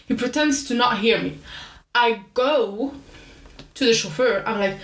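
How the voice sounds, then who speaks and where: A young woman hosts her own podcast and tells a story in a casual, animated way, poking fun at herself as she goes. Her voice sits a little high. The room has a noticeable echo. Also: measured pace. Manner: chatty, animated, self-deprecating. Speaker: podcast host.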